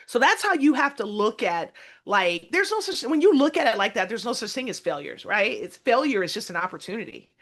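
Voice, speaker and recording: A woman's voice: on the high side, very animated, fairly quick, a bit bright. A woman basketball coach being interviewed, telling her story emphatically and often quoting her own past words.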